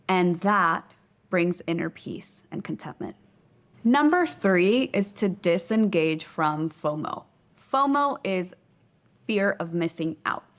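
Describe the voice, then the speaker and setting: A woman hosting a self-help video, talking straight to camera in an emphatic way, slowing down to stress key words and acting out little quoted exchanges. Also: medium pitch. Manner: acts out quoted speech in little skits. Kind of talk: motivational talk to camera.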